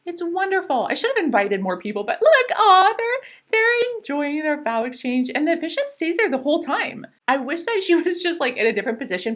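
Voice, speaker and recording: A young woman giving casual gameplay commentary, excitable and giggly, breaking into squeals. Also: high-pitched. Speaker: gaming YouTuber.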